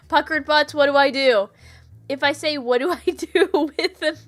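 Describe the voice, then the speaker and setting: A woman's voice: sits high, measured pace. A woman streamer chatting casually with her viewers, silly and laughing a lot. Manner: giggly, silly, laughs often. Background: faint music.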